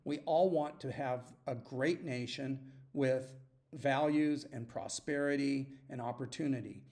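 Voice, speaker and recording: A man hosting a solo podcast, talking earnestly and urging his listeners, often clearing his throat and restarting sentences. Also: mid-range voice, fairly even intonation, measured pace, a little mellow. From United States. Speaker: podcast host. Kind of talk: opinionated solo podcast monologue.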